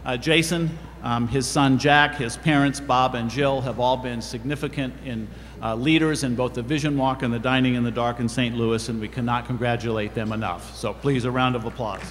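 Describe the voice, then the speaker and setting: A man's voice: medium pitch, fairly even intonation, moderate pace, a bit bright. Earnest man announcing awards in a hall. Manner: earnest, formal. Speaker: awards presenter. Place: large banquet hall. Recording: reverberant hall with background noise.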